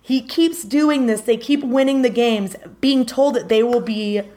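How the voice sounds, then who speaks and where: A woman's voice: on the high side, unhurried, dark tone. A woman co-hosting a casual podcast, telling a story in a rambling way with many fillers. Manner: rambling, lots of filler words. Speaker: podcast co-host.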